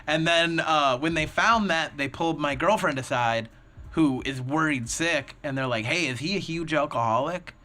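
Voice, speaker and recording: Guest comedian, young man, lively storyteller who plays every character, bright upper-register voice. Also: a little high, moderate pace. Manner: animated, laughing storyteller acting out voices. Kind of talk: casual storytelling on a podcast.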